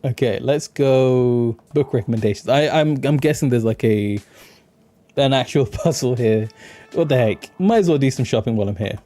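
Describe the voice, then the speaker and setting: Over soft background music, a man streams a detective video game, giving let's play commentary full of jokes and frequent laughter. His voice is medium-pitched and moves at normal speed.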